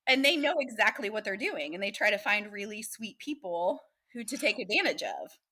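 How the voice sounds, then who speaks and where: Bright-voiced chatty woman. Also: medium pitch, moderate pace. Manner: animated, chatty, acts out quoted voices. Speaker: guest. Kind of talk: casual storytelling interview.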